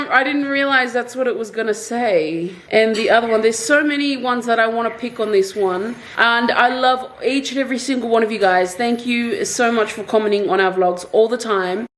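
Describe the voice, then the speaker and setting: A woman chatting casually in a home vlog, talking to her viewers in an excitable, giggly way. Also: a little high, normal speed, hardly any pauses, a little hiss or hum. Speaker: vlogger.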